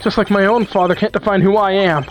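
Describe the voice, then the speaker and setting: A woman's voice: mid-range voice, steady tone, fast talker, a little hiss or hum, close to an everyday voice. A woman voicing an earnest, emotional young male defense lawyer in a fan-made courtroom game. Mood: heartfelt. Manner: earnest and heartfelt, voice catching with emotion.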